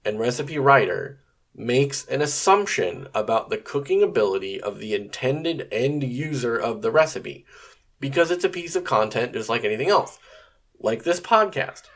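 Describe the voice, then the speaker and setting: Guy doing a solo podcast, mid pitch, chatty and rambly, lots of ums. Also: expressive, a little slow, vocal fry. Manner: conversational, rambling, frequent fillers and mild swearing. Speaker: podcast host. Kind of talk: casual solo podcast monologue.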